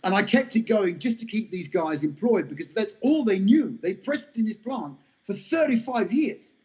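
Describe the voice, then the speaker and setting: A middle-aged man, telling lively, self-mocking stories as an interview guest. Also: sits high, moderate pace. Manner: animated, anecdotal, self-mocking. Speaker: guest actor. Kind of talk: casual storytelling interview. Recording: dull lo-fi podcast audio.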